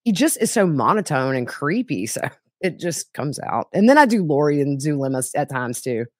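Woman guest, lowish voice, candid and animated, dry close mic. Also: no echo. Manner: animated, candid, quick asides. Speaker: podcast guest, trial reporter. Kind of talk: casual interview chat.

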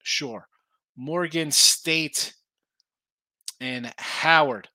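Brief: male picks host, casual livestream talk, bright forceful tone, dry close sound, joking tangents between odds rundowns. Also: a little high, no echo, rough recording. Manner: rambling, joking asides with quick rundowns of lines and odds. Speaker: sports betting picks host.

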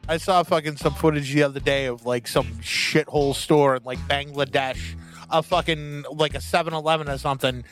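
A man on a comedy podcast, excitedly recounting things and laughing in casual chat. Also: on the high side, a little fast, soft background music. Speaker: podcast co-host.

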